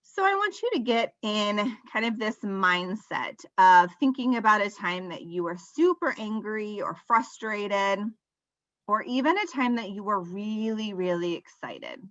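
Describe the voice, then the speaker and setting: A woman in her thirties with a bright, forceful voice gives a relaxed webinar talk on parenting. She explains things conversationally and uses relatable examples. The sound is dry and a little dull, like a lo-fi recording. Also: medium pitch, dry recording. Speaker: parenting workshop presenter. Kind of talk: live webinar presentation.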